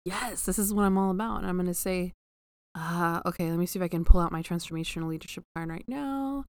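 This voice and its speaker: Young woman player, playful, smooth low-ish voice, dry close sound. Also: quick pace, dry recording. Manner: playful, laughs often. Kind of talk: casual tabletop play.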